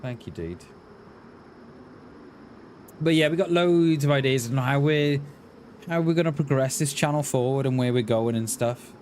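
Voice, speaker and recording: A man's voice: medium pitch, moderate pace, long pauses, a little mellow, a little hiss or hum. A man from Mid Wales with a light Mid Welsh accent, chatting casually as a live streamer while he plays, musing aloud and answering viewers as "mate". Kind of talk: casual gaming commentary.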